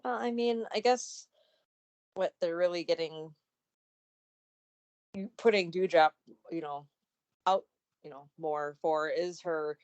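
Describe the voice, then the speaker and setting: A woman's voice: fairly low pitch, takes it slowly, long pauses, a little mellow. A woman co-hosting a casual wrestling podcast, hesitant and full of fillers. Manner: hesitant, filler-heavy, laughing asides. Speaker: podcast co-host.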